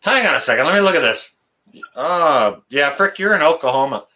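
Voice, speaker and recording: A man from Canada hosts a casual live stream, his fairly high voice cutting bright and sharp. He breaks into excited exclamations between stretches filled with "uh"s. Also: a little fast. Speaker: livestream host.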